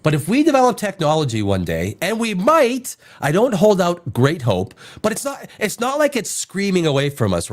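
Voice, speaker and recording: Male podcast host, lively pitch, rambling and joking, congested with a cold. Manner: rambling, joking, reads articles aloud with asides. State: has a bad cold. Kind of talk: casual livestream chat reading news aloud.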